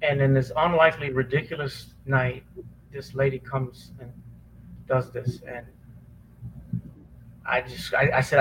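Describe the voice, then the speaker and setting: A man tells a deeply personal story in a halting, earnest way, full of restarts and pauses. He sounds choked up, close to tears, at an ordinary middle pitch. A faint hiss of noise sits under the voice. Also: fairly even intonation, low-quality recording. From Chicago area. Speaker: podcast guest, former police officer. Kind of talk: emotional personal testimony.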